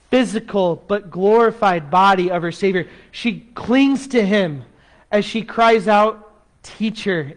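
Guy with a fairly high voice giving a sermon, expressive, goes soft and slow for emphasis. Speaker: pastor.

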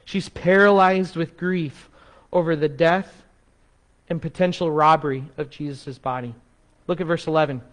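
Guy with a fairly high voice giving a sermon, expressive, goes soft and slow for emphasis. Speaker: pastor.

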